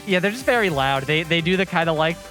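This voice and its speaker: A woman's voice: fairly low pitch, expressive, fast talker, loud music behind the voice. A woman from New Jersey with a New Jersey accent, a guest chatting at length about her gaming run on a charity stream. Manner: chatty, explains at length with fillers. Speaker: guest speedrunner. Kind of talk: casual interview on a charity stream.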